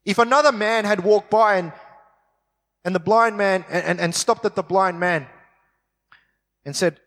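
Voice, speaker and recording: A man preaches in a church hall, his voice sitting a little higher than most. He slows right down to press on key words. A long reverb rings behind him. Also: a bit bright. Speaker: pastor. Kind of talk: sermon.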